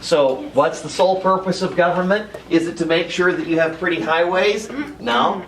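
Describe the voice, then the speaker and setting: A man's voice: on the high side, normal speed. Playful male teacher in an echoey classroom. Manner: playful, animated, joking with students. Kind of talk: classroom lecture. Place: school classroom. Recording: echoey classroom, mic far off, noisy.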